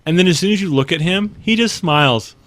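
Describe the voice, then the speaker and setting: A man's voice: high-pitched, animated, a little fast, a bit bright. A young man, a guest on a casual podcast, talking in a laid-back way with short agreeing replies. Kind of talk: casual chat.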